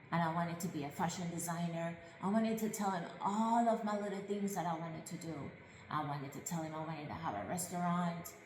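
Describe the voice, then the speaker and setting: Brief: woman narrator, lowish voice, personal life story told earnestly, echoey reverberant room. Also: darkish tone, slight background noise. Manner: earnest, emotional, reflective.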